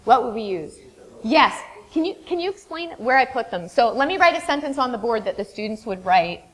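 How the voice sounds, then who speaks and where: This woman's slightly high voice is fairly bright and very animated. Teaching a workshop as an interactive lesson in a classroom with a board, she praises answers often, stays encouraging, and now and then rapidly reels off long word lists.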